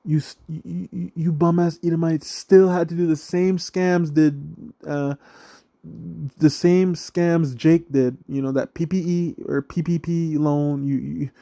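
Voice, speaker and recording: A man's voice: on the high side, fairly even intonation, takes it slowly, gravelly, dark tone. A young man rambling through a casual, profane rant, often tagging "right?" and laughing at his own remarks. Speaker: online religious commentator.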